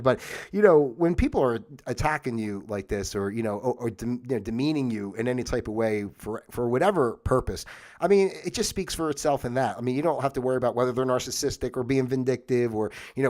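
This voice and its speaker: A man's voice: mid-range voice, a little mellow. Rambling, reflective man hosting a livestream. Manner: rambling, reflective, many fillers and restarts. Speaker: host. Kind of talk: casual livestream monologue.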